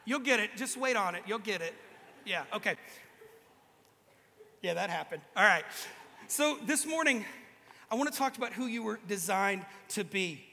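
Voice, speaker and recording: A man with a very high, bright voice delivers a lively, joking sermon. He acts out little voices as he goes. The sound carries a long hall reverb from a large room. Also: normal speed, gravelly, long pauses, a little hiss or hum. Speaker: preacher. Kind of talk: humorous sermon to a live audience.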